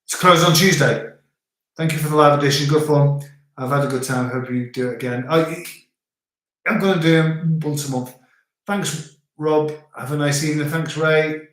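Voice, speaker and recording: A man's voice: a little high, steady tone, moderate pace, a bit bright. A middle-aged man hosting a casual livestream, reading viewer comments aloud in a chatty way and trying out French words. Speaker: livestream host. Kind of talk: casual live chat. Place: home, indoors. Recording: very echoey room.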